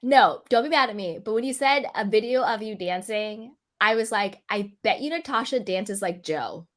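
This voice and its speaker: A woman's voice: mid-range voice, animated, moderate pace, a bit bright. A woman hosting a casual online chat, teasing and giggly with her guests. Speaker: channel host.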